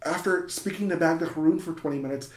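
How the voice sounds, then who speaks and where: A man's voice: fairly high pitch, quick pace. A man, a university professor, telling an interviewer a story with enthusiasm, full of fillers and restarts. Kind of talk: interview conversation. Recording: echoey room.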